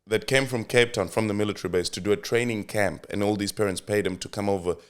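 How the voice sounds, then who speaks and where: A man's voice: lowish voice, fairly even intonation, fast, smooth. A man from Mozambique with a South African accent, telling his story in a casual interview with many fillers and restarts. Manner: reflective, with frequent fillers and restarts. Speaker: podcast guest, company CEO.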